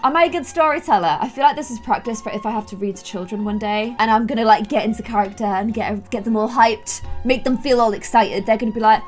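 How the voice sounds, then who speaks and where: A young woman playing a story game and reading it aloud, bubbly and giggly, gasping with excitement. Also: a little high, fast, hardly any pauses. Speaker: gaming YouTuber. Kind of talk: casual let's-play commentary and reading aloud. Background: game music.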